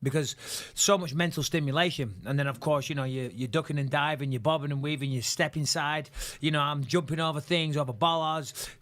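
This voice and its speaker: A man's voice: fairly high pitch, fairly even intonation, fairly quick, a bit bright. A man in his thirties with a British accent, co-hosting a podcast in casual, profane, joking banter. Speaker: podcast co-host. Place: studio.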